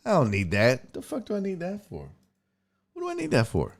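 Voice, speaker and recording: A man's voice: a little high, fairly quick, creaky, heavy background noise. A man hosting a casual sports talk livestream, ranting and telling stories with lots of cursing and answering viewer chat. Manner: animated, profane storytelling rants. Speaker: sports talk show host.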